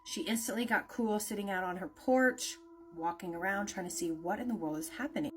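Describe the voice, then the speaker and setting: A woman's voice: medium pitch, fairly quick, a little hiss or hum. A woman telling a spooky story in a casual, conversational way, with lots of "like" and "naturally".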